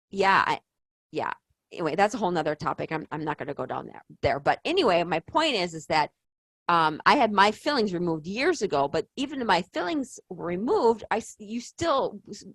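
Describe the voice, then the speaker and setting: Casting: middle-aged woman, lowish voice, dry close sound, chatty host who digresses and leans on rhetorical questions. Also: no echo. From United States. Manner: rambling, digressive, emphatic. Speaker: health channel host. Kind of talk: casual health talk.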